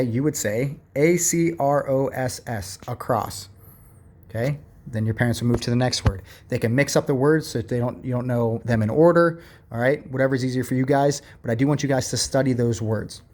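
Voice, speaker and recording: A patient young man teaching a remote lesson, explaining each step slowly and checking in often. His voice sits at a moderate, everyday pitch. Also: darkish tone. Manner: patient, step-by-step, repeats "all right" and "okay". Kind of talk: recorded remote lesson walkthrough.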